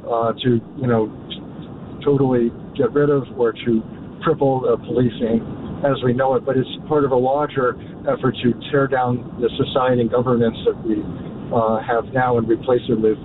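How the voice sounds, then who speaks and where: A man calling into a radio show from his car, talking haltingly with many pauses and fillers. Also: medium pitch, little pitch movement, noisy background. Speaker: caller. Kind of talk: call-in chat. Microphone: phone. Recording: tinny phone line from a car.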